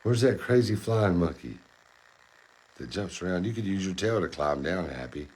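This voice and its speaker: A man with a very deep voice coaxes his pet in a casual vlog. His tone swings widely up and down as he calls and teases. He sounds playful and encouraging. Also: animated, moderate pace, darkish tone, husky. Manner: playful, coaxing. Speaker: pet owner and channel host.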